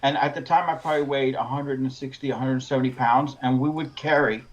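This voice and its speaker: A man's voice: medium pitch, steady tone, brisk, lo-fi sound. A middle-aged man, a window cleaner and podcast guest, telling work stories in a laid-back casual chat. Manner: laid-back, conversational storytelling.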